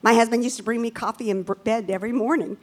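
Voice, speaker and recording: A woman preaching a sermon, animated and emphatic, with self-deprecating asides. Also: fairly high pitch, fast. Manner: animated, with lively swings in emphasis.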